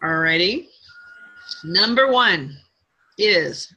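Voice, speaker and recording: A woman's voice: mid-range voice, animated, takes it slowly, pauses often, sharp tone, slightly rough, rough recording. A middle-aged woman leading a live sales training session, upbeat and coaching, drawing call-and-response from her group.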